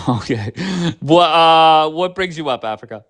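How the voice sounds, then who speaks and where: Here the live stream host's voice is fairly high and bright, animated yet a little slow. The man's casual talk is sarcastic and blunt, laced with frequent swearing.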